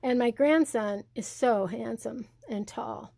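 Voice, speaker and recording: An older woman rambles cheerfully through stories as she shows off her home for a casual vlog. Her voice sits a little high but sounds soft and mellow. The sound is dry and close, with no room echo. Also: slow pace, creaky. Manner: chatty, rambling storyteller. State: hard of hearing. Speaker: blogger.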